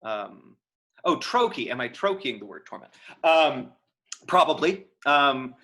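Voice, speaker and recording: A man's voice: medium pitch, sing-song, a little slow, bright, forceful tone. A man teaching an acting class on a video call, answering chat questions in a casual, chatty way, thinking aloud with many fillers and restarts. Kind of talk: live online lecture Q&A.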